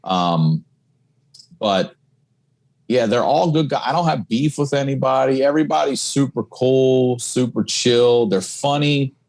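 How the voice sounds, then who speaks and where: A man's voice: medium pitch, measured pace, a little mellow. A middle-aged man, a comedian, chatting as a podcast guest in a loose, profane storytelling way. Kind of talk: casual podcast chat.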